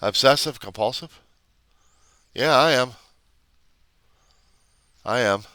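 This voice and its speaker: His voice is medium in pitch, slow, pushed and bright, recorded without room sound. He's a recovery video diarist in an unscripted confessional monologue to his camera. He talks bluntly and profanely, rambling and questioning himself.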